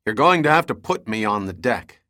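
Brief: determined action hero, read by the narrator, low, dry and steady. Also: male voice, brisk, no echo. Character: bold, determined male adventurer.

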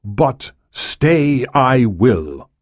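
A man's voice: a little high, animated, normal speed, no echo, clean studio sound, pitched above the performer's own voice. A man voicing a defiant prime minister. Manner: firm, defiant.

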